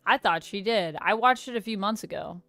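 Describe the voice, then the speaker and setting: In a brisk, medium-pitched voice captured in a dry recording, a young woman hosts a live stream and chats with her viewers. She's lively, her voice shooting up on surprised questions, with soft lo-fi music behind.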